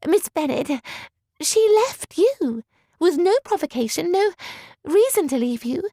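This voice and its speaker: A woman doing a gushing, high-voiced teenage girl. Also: moderate pace, no room sound, clean studio sound. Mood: mock indignant. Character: shy sweet teenage girl, eager and excitable.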